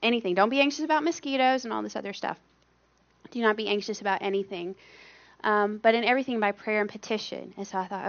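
A woman's voice: mid-range voice, fast, lo-fi sound. Conversational woman sharing a testimony. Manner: conversational, acts out quoted voices. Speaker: missionary speaker. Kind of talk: personal testimony talk.

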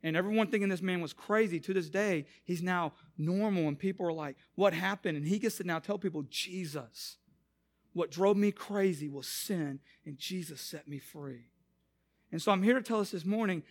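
High-voiced pastor preaching. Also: male voice, fairly bright tone. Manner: conversational, acts out quotes, rises to emphatic preaching. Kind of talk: sermon with storytelling.

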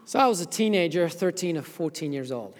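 Middle-aged Zimbabwean-accented male pastor, fairly high voice, long church reverb; swings between fervent volume and soft earnest asides. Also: lively intonation, fairly quick. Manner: swings from loud preaching to quiet, earnest talk. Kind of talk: sermon. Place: church sanctuary.

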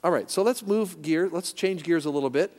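A male pastor preaches with emphasis in a slightly high voice, leading call-and-response lines with his listeners. His words trail into a long reverb from a big church hall. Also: brisk, darkish tone. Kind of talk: sermon.

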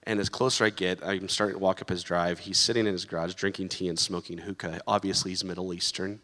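Animated male storyteller, bright voice. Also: sits low, fast talker. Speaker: guest sharing a testimony. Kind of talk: storytelling testimony. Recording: long reverb of a large hall.

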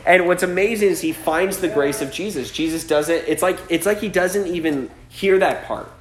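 A man's voice: high-pitched, normal speed. A man pastor preaching a sermon in a loose, conversational way, often asking "right?" and acting out the people in the story. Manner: casual preaching, frequent "right?", acts out voices with laughs. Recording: echoey room.

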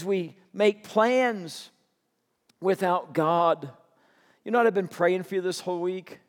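A man preaching a sermon as pastor, earnest and emphatic, slowing down to stress key phrases. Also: high voice, long reverb tail.

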